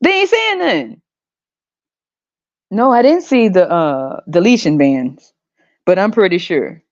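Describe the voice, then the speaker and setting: A woman's voice: medium pitch, sing-song, measured pace. A woman hosting her own podcast, ranting in a blunt, profane and sarcastic way. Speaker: podcast host. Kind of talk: casual podcast rant. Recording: dull lo-fi recording.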